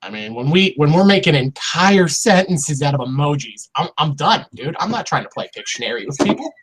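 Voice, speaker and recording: Brief: male comic guest, lively swooping voice, exasperated rants, choppy call audio. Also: on the high side, brisk, husky. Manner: rambling, exasperated ranting. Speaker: guest comedian. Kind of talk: casual interview on a video call. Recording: glitchy video call audio.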